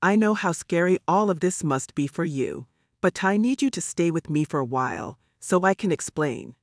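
A man reading the part of a friendly young man speaking from a magic mirror, calm and reassuring in an audiobook. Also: on the high side, moderate pace, no echo, clean studio sound, natural voice.

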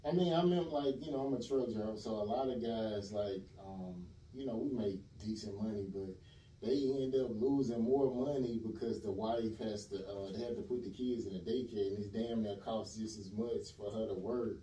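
A man hosts a laid-back interview, relaxed and chatty. His voice is low and very dark, sounding roomy and somewhat distant from the mic. Faint noise runs beneath it. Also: moderate pace. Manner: relaxed, brief affirmations. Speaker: podcast host, truck driver. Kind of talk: casual interview chat.

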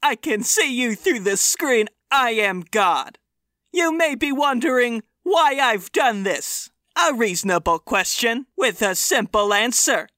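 A man's voice: very high voice, expressive, a little slow, pushed and bright, no echo, studio quality, exaggerated voice. A man putting on the voice of a gloating, petty male comedian who taunts him in a mock-sinister way.

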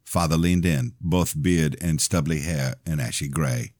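A man with a very low, deep voice reads his own novel aloud in steady first-person narration. The sound is dry and close, with no room around it. He keeps an even pace as a podcast host sharing his fiction. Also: a little slow, no echo.

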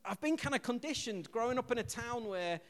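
High-voiced English preacher in a reverberant hall. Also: male voice, fairly quick. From England. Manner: animated storyteller who acts out quotes loudly. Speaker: pastor. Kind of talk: sermon.

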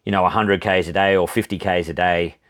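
A man's voice: low-pitched, fairly even intonation, a little fast, a bit bright. A young Australian man co-hosting a podcast, telling a long rambling story in casual chat, swearing freely and laughing often. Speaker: podcast co-host.

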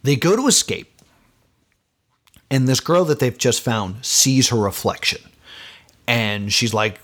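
This podcast host sits solo reviewing a film, his mid-range voice rising and falling sharply as he rants and leans on filler words. He keeps a measured pace, pauses often, and sounds more exasperated than calm.

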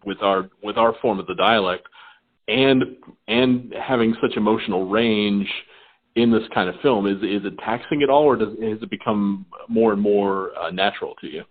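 A man from the American South interviewing an actress, asking long, halting questions full of fillers. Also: lowish voice. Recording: tinny phone-line audio.

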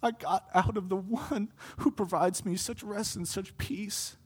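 A young adult man giving a sermon testimony, earnest and building to impassioned pleas with swings in loudness. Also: sits high, steady tone, measured pace, breathy edge. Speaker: preacher.

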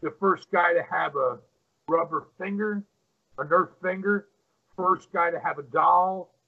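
A man's voice: high voice, measured pace, vocal fry, slightly rough, narrow, tinny audio. A middle-aged man, a retired pro wrestler, telling stories as an interview guest, rambling with many fillers. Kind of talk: casual interview storytelling.

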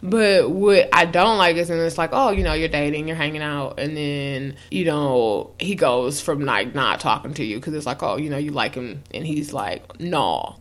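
A young woman co-hosting a podcast in casual chat. She tells stories in a lively, frank way, acts out quotes and swears freely. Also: deep voice, normal speed. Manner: animated storytelling, acts out quotes. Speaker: podcast co-host.

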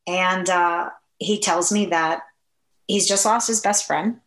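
A woman from the Upper Midwest of the US, telling an emotional personal story as an interview guest, earnest, with halting restarts. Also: on the low side, fairly bright tone, roomy sound, low-quality recording.

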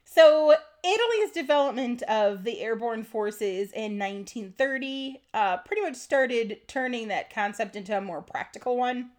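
Female podcast co-host, casual and giggly, animated delivery, slightly high voice. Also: moderate pace, few pauses. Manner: laughs often, explains facts. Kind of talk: casual history chat.

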